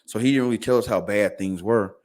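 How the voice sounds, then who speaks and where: A man's voice: fairly low pitch, fairly quick, darkish tone. A man, a podcast guest casually telling a long personal story, full of fillers and repeated words. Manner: fillers and repeated words, quoting others in dialogue.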